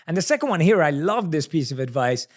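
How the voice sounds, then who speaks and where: A man's voice: a little high, sing-song, fast talker. A man hosting an interview, enthusiastic and speaking straight to his listeners. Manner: enthusiastic, addresses the audience directly. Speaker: podcast host. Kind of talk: interview conversation.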